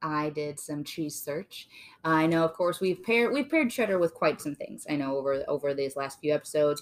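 A woman's voice: sits low, animated, moderate pace. A woman hosting a casual podcast, reading aloud with playful, jokey asides. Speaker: podcast host.

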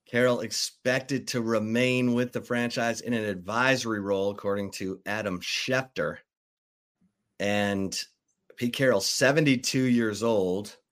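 Slow, low-voiced sports podcast co-host. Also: male voice, fairly even intonation, fairly bright tone. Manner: unhurried, reads breaking news then muses about it. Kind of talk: casual sports podcast talk, reading news.

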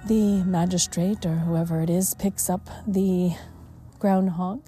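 A woman hosts a reflective mindfulness talk at a slow, unhurried pace. Her voice is very mellow and dark, a little lower than most, and now and then drops to a near hush. Faint music plays behind her. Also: fairly even intonation. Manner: gentle and unhurried, with soft laughs and hushed moments. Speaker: mindfulness podcast host.

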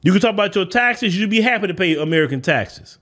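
A man's voice: high voice, expressive, quick pace, a bit bright. A man hosting a podcast, giving an emphatic opinion monologue and hammering home his points with blunt repetition. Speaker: podcast host.

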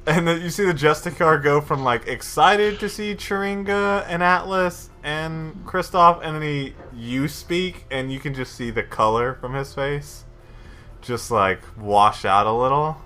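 A man narrating a tabletop game as game master in a casual, animated way. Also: a little high, a little slow, soft background music.

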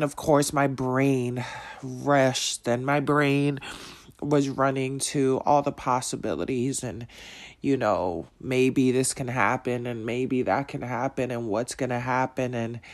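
A man delivers a motivational monologue in a mid-pitched voice. He preaches with slow, emphatic pauses and keeps returning to rhetorical questions. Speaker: motivational speaker.

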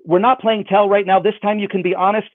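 Talking fast in a high-pitched, level tone, a man shows magic tricks to someone over video call. He jokes around and mocks himself along the way, captured in a dry, phone-like recording.

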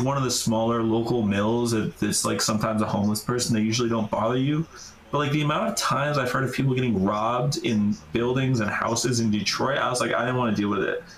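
A man's voice: mid-range voice, slight background noise. A man guest on a podcast, casually telling a story with lots of "like" fillers and swearing. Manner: rambling, heavy use of "like", swearing. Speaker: podcast guest, urban explorer. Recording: echoey room.

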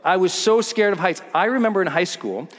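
A man's voice: high voice, a little fast, long reverb tail. A man telling a personal story as a motivational speaker on stage, acting out the scenes. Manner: animated, acts out scenes and voices. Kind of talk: storytelling keynote talk.

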